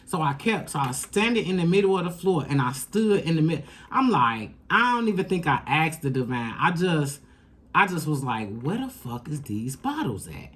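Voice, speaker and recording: A woman giving a casual tarot reading, talking straight to the viewer in emphatic, slangy, profane bursts that jump from loud and high to low and quiet. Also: lively intonation, normal speed. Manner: emphatic, slangy and profane, coaching the listener directly. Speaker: tarot reader.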